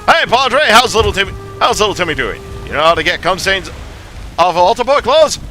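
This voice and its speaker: A brash, crude loudmouth jeers at someone, his bright voice swooping up and down before he bellows the punchline, as a man puts him on. He is rowdy, mocking and loud. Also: sits high, sing-song, fairly quick, faint music behind, exaggerated voice. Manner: brash, jeering, shouting punchlines.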